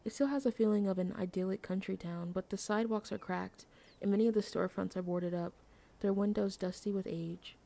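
A woman's voice: medium pitch, brisk, creaky, dark tone. A woman streamer reading a visual novel aloud, adding playful asides between lines. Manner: reads game text aloud with playful asides. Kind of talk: casual game narration.

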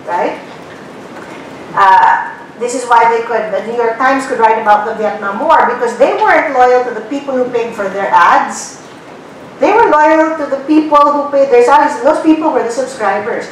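A Filipino woman giving a guest lecture to a business class, blunt and animated, firing off rhetorical questions. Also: fairly high pitch, distant mic, slight background noise. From Philippines. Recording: very echoey room recording from afar.

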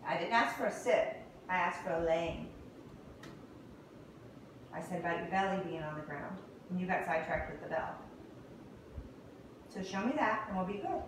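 A woman's voice: fairly low pitch, lively intonation, normal speed, pauses often, recorded from a distance. A woman dog trainer chats casually and coaxes a puppy with lilting, sing-song calls. She sits some way from the mic in a very echoey room, with a faint hiss behind her.

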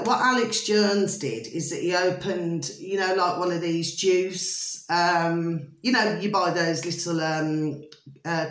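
A woman's voice: on the low side, reverberant. A woman vlogging in a casual rambling monologue, checking with her viewers again and again. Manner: chatty, repeats filler tags like "okay?" and "do you see?". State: hot and itchy.

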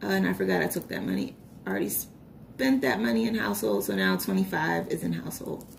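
A young woman chatting casually while budgeting, telling a story with lively retold reactions. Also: on the low side, fast, gravelly, background noise. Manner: chatty storytelling, animated retellings. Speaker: vlogger.

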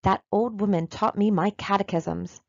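A woman's voice: mid-range voice, steady tone, moderate pace, creaky, no echo, lo-fi sound. A woman reading aloud, voicing an uneasy, irritable young Puritan man.

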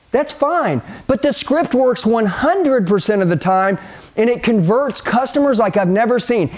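With a very high voice, a middle-aged man pumps energy into a sales training talk. He's punchy and hyped, speaking directly to the listener and acting out phone conversations.

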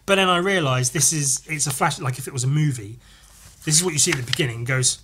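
Flipping through comics and swearing at the art he loves, this podcast host rambles enthusiastically in casual chat. He speaks fast in a slightly high, fairly bright voice, with a little hiss or hum on the audio.

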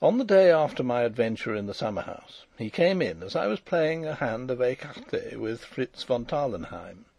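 A man narrating a classic adventure novel in the first person as an audiobook, in a measured storytelling manner. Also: mid-range voice, very animated, vocal fry, a little mellow, no echo.

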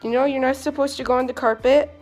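Talking fast in a high, darkish-toned voice with fairly even intonation, a teenage girl films a casual vlog on her phone at the family home, playfully addressing her dogs and viewers over faint background music.

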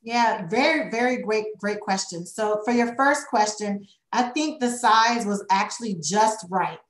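A woman's voice: medium pitch, a little slow. A woman consultant answers board members' questions at a meeting, thinking aloud with fillers and "right?" tags. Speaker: consultant presenting to a school board. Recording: echoey meeting room.

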